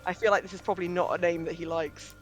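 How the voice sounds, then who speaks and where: A woman's voice: lowish voice, steady tone, quick pace, faint music behind. A woman co-hosting a game stream, chatting playfully and sarcastically. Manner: playful, sarcastic, often laughing. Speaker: let's play co-host. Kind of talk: casual gaming chat.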